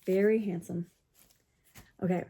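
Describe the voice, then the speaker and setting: This young vlogger, who covers books and K-pop, speaks in a lowish, creaky, mellow voice with a breathy edge, fairly even intonation, and an unhurried pace. Unboxing albums casually, she still gushes and gasps, swinging from squeals to whispers.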